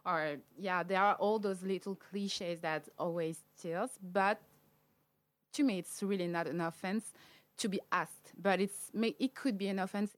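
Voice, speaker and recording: A woman from Cameroon co-hosting a podcast discussion, speaking in a measured way and pausing to find her words. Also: mid-range voice, fairly even intonation, no echo. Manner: measured, searching for words, light hesitations. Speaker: podcast co-host. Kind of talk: casual discussion.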